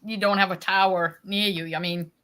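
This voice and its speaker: Woman, livestream host, casual chat, chatty, laughs a lot, mid-pitch. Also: fairly even intonation, normal speed, fairly bright tone. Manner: chatty, laughs often, trails off and restarts.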